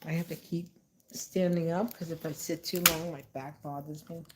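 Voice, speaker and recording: A woman's voice: deep voice, fairly even intonation, moderate pace, background noise. A middle-aged woman vlogger talking in a rambling, sarcastic way, full of fillers and asides. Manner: sarcastic, meandering, many fillers. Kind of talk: casual rambling commentary.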